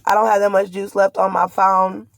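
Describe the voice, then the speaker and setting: A pregnant vlogger with a mid-range, creaky voice tells the camera about a frightening ordeal. Her tone is level and her speed normal, though the account itself is urgent, rambling and fearful. The recording is dry.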